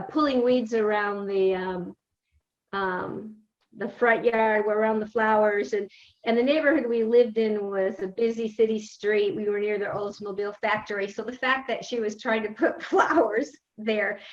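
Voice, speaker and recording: A woman with a slightly high voice tells a memory in a relaxed, halting way. She stops often and fills the gaps with small sounds. The sound is a little dull, like a lo-fi video call. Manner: hesitant, full of pauses and fillers. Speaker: guest. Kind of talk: casual storytelling.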